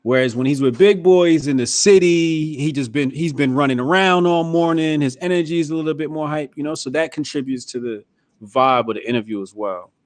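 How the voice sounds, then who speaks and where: A man's voice: fairly high pitch, brisk, dry recording. Male podcast host, laid-back slangy explainer, dry close sound. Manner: relaxed, explanatory, slangy and emphatic. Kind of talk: casual political podcast chat.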